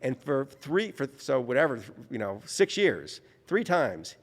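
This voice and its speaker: A man from New Orleans, an author telling an anecdote in conversation, lively and acting out the people he quotes. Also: medium pitch, unhurried, long reverb tail. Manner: animated, mimics voices in his anecdotes. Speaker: author guest. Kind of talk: conversational storytelling.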